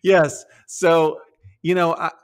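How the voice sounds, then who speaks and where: A middle-aged man hosting a podcast, with a slightly high voice. He talks in a loose, animated way, laughs easily and drops into goofy character voices. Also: slow, clear, resonant tone. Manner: animated, laughs often, slips into silly voices. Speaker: podcast host. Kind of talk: casual podcast chat.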